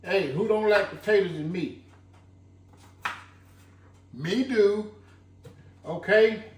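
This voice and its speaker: In a home kitchen, a cooking channel host with a high voice walks through a stew recipe at a moderate pace, folksy and chatty and fond of saying "look." The kitchen echoes, the mic sits a bit far off, and there's a slight hiss or hum.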